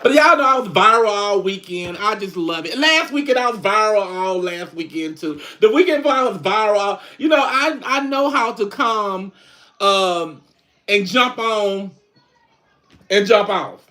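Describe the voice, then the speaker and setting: A man's voice: high-pitched, animated, measured pace, bright, forceful tone, full character voice. Man doing a sassy country woman. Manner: country slang, chatty and boastful. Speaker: livestream host. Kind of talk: casual live-stream chat.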